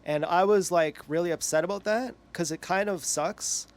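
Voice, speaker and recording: A man's voice: high-pitched, normal speed. A man in a rambling, self-correcting monologue, crude and meandering. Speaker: online commentator.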